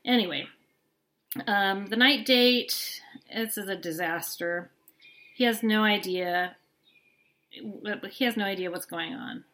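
A woman's voice: mid-range voice, slow pace, pauses often, sharp tone. A middle-aged mother co-hosting a podcast, chatting in a gossipy way and acting out what people said. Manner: chatty, gossipy, acts out quotes. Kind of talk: casual reality-TV recap chat.

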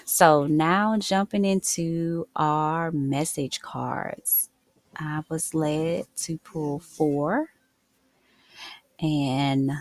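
A woman's voice: low-pitched, creaky, no room sound. A woman talking openly and heartfelt in a casual spiritual vlog, reading oracle cards for her viewers. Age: adult mother of school-age kids. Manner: open, heartfelt, conversational. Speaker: oracle card reader.

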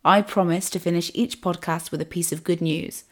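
A woman hosting her podcast, croaky from a cold, reading an earnest, upbeat script. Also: fairly low pitch, steady tone, moderate pace. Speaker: podcast host.

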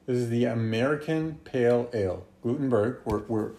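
A man's voice: medium pitch, normal speed, warm tone. A man co-hosting a podcast, chatting casually and thinking aloud with some hesitation as he tastes beer. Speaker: podcast co-host. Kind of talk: casual chat, beer tasting. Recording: echoey room.

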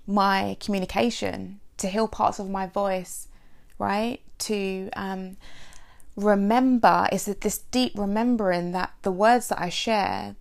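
A woman with a medium-pitched voice and some vocal fry hosts an unscripted solo podcast as a coach. She speaks in a heartfelt, emotional, rambling way, packed with fillers. Her throat has been sore lately.

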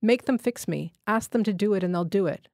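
A woman's voice: medium pitch, a little fast, darkish tone, no echo, clean studio sound, natural voice. A woman reading aloud, voicing a wounded male robber who pleads weakly for forgiveness. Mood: pleading. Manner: begging, weak and tearful. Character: dying young male motorcycle robber, pleading. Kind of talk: literary reading.

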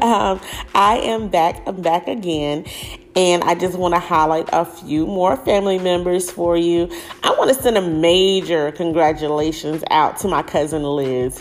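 A woman hosting a casual podcast, giving effusive, gushing shout-outs to family members. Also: on the low side. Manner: warm, effusive, gushing praise. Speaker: podcast host.

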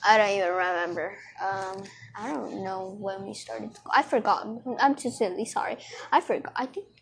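A woman's voice: medium pitch, moderate pace, gravelly, slight background noise, low-quality recording. A teenage girl chatting casually to her viewers in a rambling, distracted way, full of fillers, with a dry throat. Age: teens. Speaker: vlogger.

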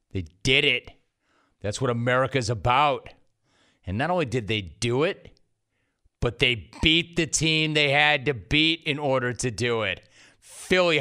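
A man's voice: medium pitch, fairly bright tone. A man hosting a sports radio show, brash and punchy, repeating short phrases for effect. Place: radio studio.

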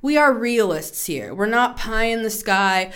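Woman, 30s, tarot podcast host: animated, chatty, playful, quick to laugh. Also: a little high. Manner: chatty, laughing, swears freely; animated, shifts into playful voices. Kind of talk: casual spoken tarot reading.

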